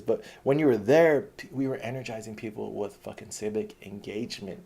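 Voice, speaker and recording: A man performing an autobiographical stage monologue, profane and animated, sometimes dropping to a hushed whisper. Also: on the low side, a little fast, gravelly, breathy edge. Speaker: storyteller.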